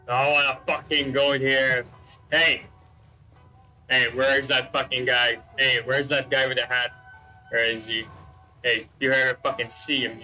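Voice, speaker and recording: A man giving excitable let's-play commentary, swearing constantly and joking about the characters on screen. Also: mid-range voice, takes it slowly, faint music behind, low-quality recording. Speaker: gameplay commentator.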